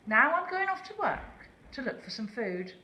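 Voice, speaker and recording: A woman's voice: sits high, very animated, moderate pace, bright, forceful tone, voice pushed up, exaggerated voice. A woman voicing a stern mother owl in a storybook.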